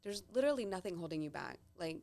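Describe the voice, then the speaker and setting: A woman's voice: on the low side, lively intonation, vocal fry, a little mellow. A woman hosting an interview, encouraging and upbeat, affirming her guest often. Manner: encouraging, frequent affirmations and quick laughs. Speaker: podcast host. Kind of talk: interview conversation.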